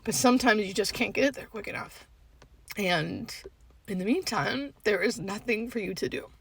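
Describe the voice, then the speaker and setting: A young woman sits in her parked car, trying not to cry as she talks, her speech halting and full of restarts. Her voice is bright with a gravelly fry underneath. She talks straight to the camera as a hospice nurse. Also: mid-range voice, a little hiss or hum. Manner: halting, emotional, restarts with fillers. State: tearful, holding back crying. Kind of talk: emotional vlog, talking to camera.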